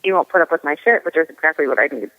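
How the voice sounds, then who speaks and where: A woman's voice: low-pitched, lively intonation, rapid-fire. A woman guest telling a race story in a chatty way, full of "like" and "you know". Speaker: guest ultrarunner. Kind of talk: casual storytelling. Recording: tinny phone line with long reverb.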